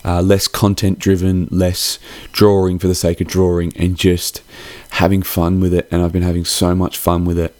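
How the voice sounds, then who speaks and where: A young man with a very deep voice talks in a flat, even tone. He rambles through a heartfelt, casual holiday sign-off and drops a swear word here and there. The sound is dry and close to the mic. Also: normal speed, hardly any pauses, no echo. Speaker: podcast host.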